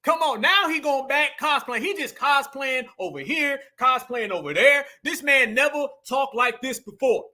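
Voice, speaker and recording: A man with a high-set voice holds forth in heated, mocking commentary. His tone is very bright and cutting, and he turns again and again to his audience as family. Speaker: commentary channel host. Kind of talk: opinionated commentary.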